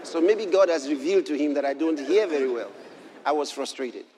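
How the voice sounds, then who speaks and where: A man preaching a sermon, telling a personal story and reading scripture, building to impassioned shouts. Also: fairly high pitch, brisk, some chatter behind, a little hiss or hum.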